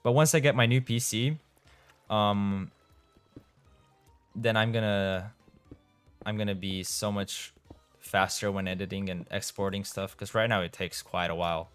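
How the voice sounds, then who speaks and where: Young man streaming, lowish voice. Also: fairly even intonation, unhurried, pauses often, clean tone, faint music behind. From Eastern Europe. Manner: chatty, reads and answers chat, laughs often. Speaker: gaming streamer. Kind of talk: casual live-stream chat while playing.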